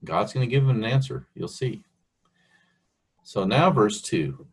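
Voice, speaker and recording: Slow, husky-voiced male preacher. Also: mid-range voice, animated. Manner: slow, earnest, asks the listener questions. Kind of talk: sermon, Bible teaching.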